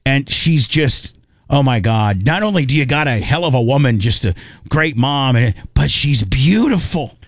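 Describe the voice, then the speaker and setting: A man's voice: medium pitch, expressive, moderate pace, no echo. A man hosting a radio show in his studio, rambling and stammering through emotional casual banter. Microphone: studio microphone.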